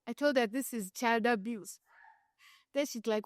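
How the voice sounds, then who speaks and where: A woman's voice: a little high, measured pace, no echo, clean studio sound. Easygoing young Ugandan woman. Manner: relaxed, frank, sprinkled with "you know". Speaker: podcast co-host. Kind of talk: casual storytelling chat.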